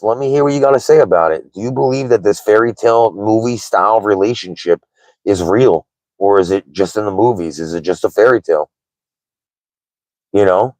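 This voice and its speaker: A man in his thirties hosts a casual livestream chat in a slightly mellow, low-side voice, with no room sound and poor audio. He is candid and rambling, saying "like" and "right?" a lot.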